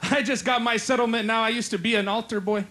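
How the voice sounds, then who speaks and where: A man's voice: extremely high pitch, fairly even intonation, pushed and bright, a little hiss or hum. A man doing a stand-up comedy set, telling punchy stories and acting out his relatives. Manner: punchy storytelling, acting out relatives and cops in quick voices. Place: live comedy stage.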